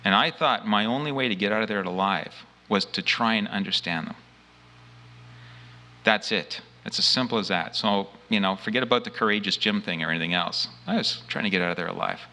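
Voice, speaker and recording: A man's voice: lowish voice, a little fast, sharp tone. A man giving an emphatic first-person account of a frightening experience, acting out what he said at the time. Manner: earnest, emphatic storytelling; acts out his own quoted lines. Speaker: abduction experiencer.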